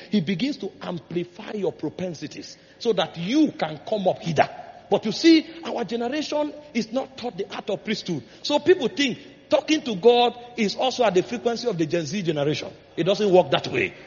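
Male preacher, high and highly animated, shouting and chanting his points; muffled recording in a reverberant hall. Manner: impassioned, rising to shouts and sing-song cadences. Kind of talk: sermon.

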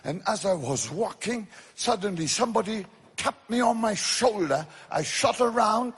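A man preaching an evangelistic sermon, shouting at the high points and dropping low to tell stories. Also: expressive, moderate pace, slightly rough. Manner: impassioned, shouting at climaxes, then dropping to quiet storytelling.

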